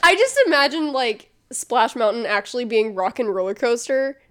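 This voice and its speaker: A young woman co-hosting a podcast, her voice high and very lively. She chimes in with fast jokes and reactions during a casual chat. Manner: quick joking reactions. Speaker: podcast co-host.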